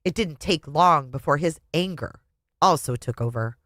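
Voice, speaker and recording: A book reviewer reads from a memoir in a low voice at normal speed, expressive and full of emotion, pausing to add her own commentary. The recording has no echo.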